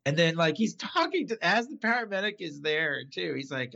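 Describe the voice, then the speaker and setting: A man with a raised, gravelly voice and a slightly husky, breathy edge tells a story in casual podcast chat. His pitch swings widely as he acts out the characters' lines. The recording sounds dull and lo-fi. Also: normal speed. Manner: animated storyteller, acts out quotes with pitch jumps.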